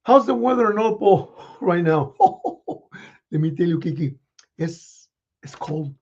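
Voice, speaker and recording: Gravelly, husky man playing Santa. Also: high voice, lively intonation, darkish tone, muffled recording. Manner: chuckling, folksy, halting with fillers. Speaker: Santa Claus performer. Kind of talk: reading children's letters as Santa.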